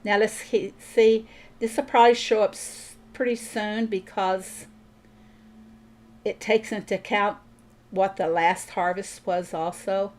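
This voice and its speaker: Slow-talking chatty woman streamer. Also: medium pitch, fairly even intonation, darkish tone. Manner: chatty, thinks aloud, answers viewers. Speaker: mobile farming game streamer. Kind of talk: casual gameplay commentary.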